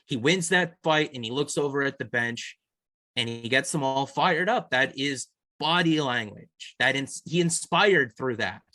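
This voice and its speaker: A man's voice: mid-range voice, expressive, unhurried, bright, forceful tone, no echo, studio quality. A man co-hosting a casual sports podcast, talking earnestly and restarting his sentences often. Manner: rambling, repeats and restarts, earnest. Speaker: podcast co-host.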